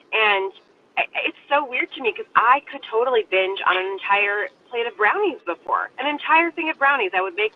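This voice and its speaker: A woman host sharing her own story openly and earnestly in a live online interview. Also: medium pitch. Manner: earnest, open, speaks in repeated parallel phrases. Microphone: video call. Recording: tinny phone-like line with faint noise.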